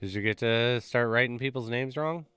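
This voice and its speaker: A man's voice: mid-range voice, moderate pace, bright, forceful tone, clean tone. A man hosting a game stream, chatting casually and joking, with lots of "like" in his speech. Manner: rambling, joking, heavy use of "like". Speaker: gaming stream host.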